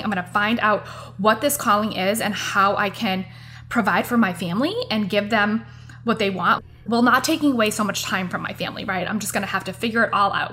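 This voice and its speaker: A woman's voice: medium pitch, a bit bright. A woman, hosting a motivational podcast. She talks in an earnest, chatty way, as if speaking directly to her listeners. Faint music plays in the background. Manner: earnest, chatty, addresses listeners as "you guys". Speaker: podcast host. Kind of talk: casual motivational podcast monologue.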